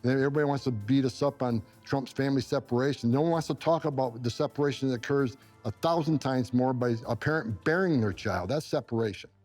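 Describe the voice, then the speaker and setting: A man's voice: medium pitch, fast, few pauses, a little mellow, faint music behind. Intense, passionate middle-aged man. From upstate New York. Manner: intense and passionate, repeats himself when moved. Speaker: former immigration enforcement director. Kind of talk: emotional interview answers.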